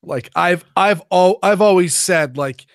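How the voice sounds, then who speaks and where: Man, podcast co-host, slightly high voice, jokey and animated, dry recording. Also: measured pace, dry recording. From Maine. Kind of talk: casual podcast chat.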